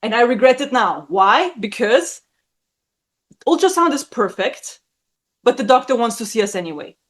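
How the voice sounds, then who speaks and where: A woman in her thirties telling a personal story in casual conversation, blunt and animated, swearing often and acting out the people she quotes. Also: normal speed. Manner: acts out quoted voices with big pitch jumps. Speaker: guest. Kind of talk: casual chat.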